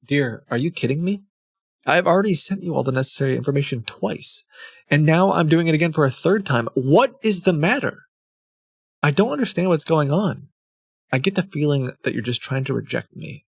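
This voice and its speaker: A man's voice: fairly high pitch, lively intonation, a little fast, vocal fry, slightly rough, no echo, clean studio sound, heavily acted. A man reading aloud as a pleading, reproachful woman who writes love letters, in a mildly dramatic tone.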